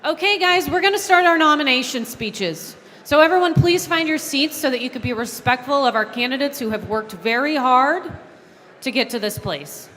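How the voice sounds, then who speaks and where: A woman chairing a large convention from the podium, keeping a noisy crowd in order with a firm, brisk manner. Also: high-pitched, animated, fairly bright tone. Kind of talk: running a convention floor. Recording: long hall reverb.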